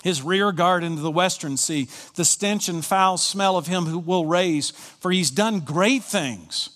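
A man from Colorado preaching a sermon as pastor, emphatic and swinging from hushed lines to soaring ones. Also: high voice, a little slow, hardly any pauses, long reverb tail.

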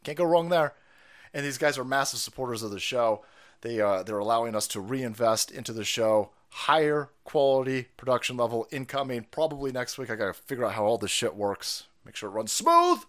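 A man hosting a profane political commentary stream, sarcastic and laughing, who breaks into loud mocking outbursts. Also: medium pitch, very animated, a little fast. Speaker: streamer host.

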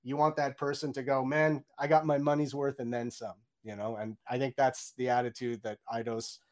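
A man's voice: mid-range voice, little pitch movement. A middle-aged man, a game audio director, chatting in an interview and acting out his own reactions in quoted lines. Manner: fast, chatty, many "you know"s and restarts. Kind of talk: candid interview storytelling.

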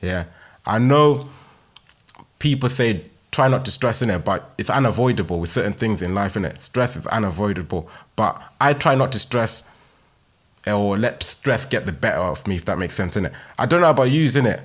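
A man's voice: on the low side, lively intonation, normal speed. A young man with a London street accent talking casually on his solo podcast, laid-back and slangy, ending nearly every sentence with "innit". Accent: London, Multicultural London English. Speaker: podcast host.

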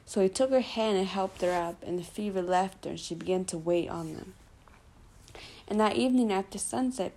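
In a relaxed retelling of a Bible passage, a female Bible study presenter speaks with a slightly low, mellow voice. Her talk is loose and conversational, with fillers as she thinks aloud and occasional self-corrections.

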